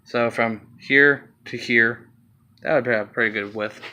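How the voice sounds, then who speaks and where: A man with a slight Southern accent talks loosely and rambles as he walks around his car, dropping the odd curse. He is filmed handheld on a phone, the sound a little dull and lo-fi with faint outdoor noise behind. His voice sits at an ordinary middle pitch. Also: fairly even intonation, measured pace, pushed and bright. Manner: rambling, casual, swears offhandedly. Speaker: vlogger showing his car project. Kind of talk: casual walkaround vlog.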